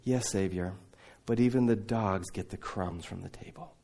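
A man's voice: mid-range voice, lively intonation, moderate pace, dark tone, voice pushed down. A man voicing a pleading widowed mother while retelling a gospel scene in a sermon.

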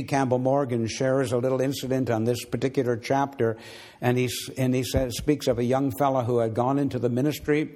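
A man's voice: mid-range voice, darkish tone. A man delivers a sermon in an earnest, storytelling manner. He speaks conversationally while recounting his own experience. His voice lifts and presses forward when he turns to urge his listeners. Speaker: preacher. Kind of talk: sermon with personal testimony.

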